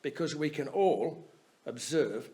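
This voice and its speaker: A man's voice: on the high side, lively intonation, slow pace, dark tone. A man teaching at a Buddhist centre, giving a chatty, explanatory talk and often checking in with his listeners. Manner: conversational, keeps checking in with "yeah?".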